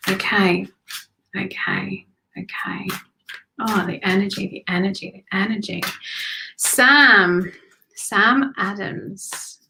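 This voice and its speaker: A woman gives intuitive card readings to viewers in a calm, unhurried voice. She repeats phrases softly and often sinks into near-whispers. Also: mid-range voice, vocal fry, slight background noise, poor audio. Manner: soothing, slow, repeats phrases, drops to whispers. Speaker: spiritual reader giving card readings. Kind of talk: live-stream intuitive reading.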